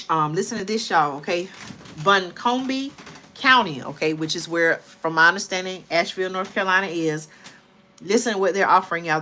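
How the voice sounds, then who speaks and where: Late at night, a weary, talkative woman runs a livestream and speaks casually, frequently saying "y'all" to her audience. Her lowish voice comes across as pushed and bright.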